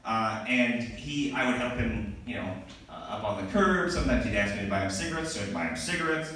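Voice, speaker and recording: A man doing stand-up comedy, telling a story with lively asides and laughing as he goes. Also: medium pitch, a little fast, creaky, a little hiss or hum. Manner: animated storytelling with laughing asides and put-on voices. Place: comedy club. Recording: echoey club recording from a distance. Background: audience laughter.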